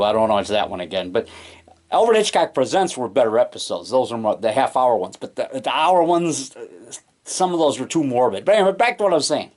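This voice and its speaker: A man rambling excitedly in a casual home vlog, full of restarts and trailing thoughts, recorded on a camcorder in his basement. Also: medium pitch. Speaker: low-budget monster moviemaker. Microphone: camcorder mic.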